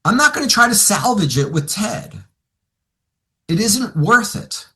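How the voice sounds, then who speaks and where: A bright, high-pitched man with a lively, swinging delivery, coaching a room on winning client referrals. He tells stories and slips into quick back-and-forth dialogue, playing himself and his clients in turn. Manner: animated storyteller, acts out both sides of client conversations. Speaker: financial advisor sales trainer. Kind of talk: seminar talk with acted dialogue.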